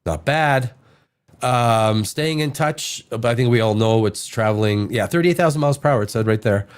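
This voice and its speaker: A man hosting a casual podcast who has a cold, rambling in an animated way, swearing casually and reading news items aloud. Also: mid-range voice, normal speed, clean tone. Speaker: podcast host.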